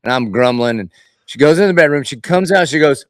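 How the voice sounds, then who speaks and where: A man who is a pastor, chatting as a guest and telling stories with animated quoted voices. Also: medium pitch, fast, no echo. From Jacksonville, Florida. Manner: storytelling, acts out quoted voices. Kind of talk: casual chat.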